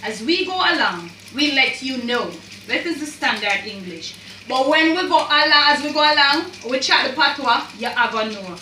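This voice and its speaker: Her voice is high-pitched and sharp, with a little hiss or hum on the recording. This Jamaican home cook talks casually through a kitchen demo, repeating phrases and mixing in creole, while a pan fries and sizzles in an echoey kitchen far from the mic.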